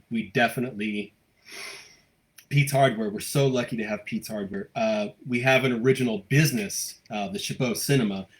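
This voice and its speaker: A man hosting a live local news stream, chatting casually and reading out viewer comments, with many fillers and restarts. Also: lowish voice. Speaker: host of a local news livestream.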